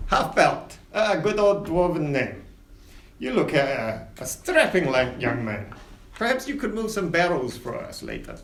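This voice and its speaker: A man's voice: a little high, sing-song, measured pace, creaky, a bit bright, exaggerated voice. A man voicing a small, lithe ship captain who brags about his swordsmanship and speaks formally. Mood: amused. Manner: formal, stiff, boastful. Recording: echoey room, faint hiss.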